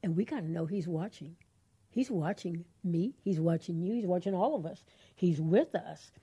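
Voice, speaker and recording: A woman's voice: fairly low pitch, normal speed, mellow, breathy edge. A middle-aged woman co-hosting a Christian call-in radio show, talking earnestly and encouragingly. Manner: earnest, encouraging, laughs easily. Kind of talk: faith talk radio chat.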